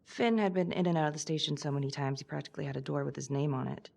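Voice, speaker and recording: Tough terse detective, very low gravelly voice, faint noise. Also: female voice, very fast, warm tone. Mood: defensive. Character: tough, blunt female police detective.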